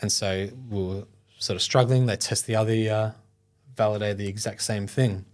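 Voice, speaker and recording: A man's voice: lowish voice, flat delivery, normal speed, darkish tone. A middle-aged man, telling a personal story in an interview. He talks in a loose, conversational way with many fillers and sometimes gets choked up. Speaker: guest, foundation founder.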